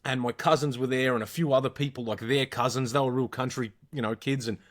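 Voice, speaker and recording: An Australian man co-hosts a casual podcast, telling long anecdotes peppered with swearing. His voice sits at an ordinary middle pitch and stays relaxed and chatty. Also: quick pace. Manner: swears freely, animated anecdotes. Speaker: podcast co-host. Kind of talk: casual storytelling chat.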